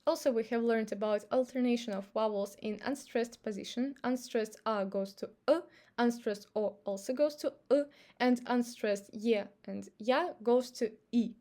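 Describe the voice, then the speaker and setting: A woman's voice: on the high side, darkish tone. A woman with a Russian accent, a native speaker of Russian, patiently explaining pronunciation rules step by step in a language lesson.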